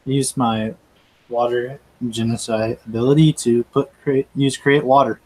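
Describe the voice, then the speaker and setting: A man's voice: mid-range voice, steady tone, unhurried, a little mellow, rough recording. A man playing a tabletop game who talks in an offhand way and swears. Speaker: player.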